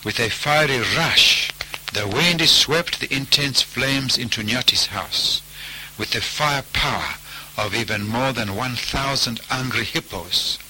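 A man telling a folk tale as storybook narration, in a measured way. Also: medium pitch, sharp tone, a little hiss or hum, poor audio.

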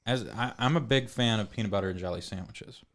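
Low-voiced man teasing on a podcast. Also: quick pace. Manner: teasing, profane banter. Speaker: podcast co-host. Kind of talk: casual chat.

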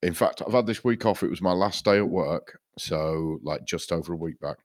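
A man's voice: low-pitched, normal speed, no echo, studio quality. A man, co-hosting a podcast, telling rambling stories with lots of swearing. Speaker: podcast co-host. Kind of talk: casual chat.

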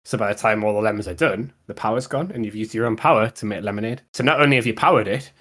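A man's voice: on the low side, quick pace, a bit bright. A man co-hosting a casual podcast, laid-back and joking dryly. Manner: laid-back, dry jokey remarks. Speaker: podcast co-host. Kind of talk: casual chat.

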